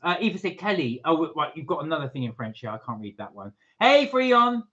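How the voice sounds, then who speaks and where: A man's voice: fairly high pitch, sing-song, fairly quick, a bit bright, dull audio. A man co-hosting a casual live stream from England, chatting and reading viewer comments aloud.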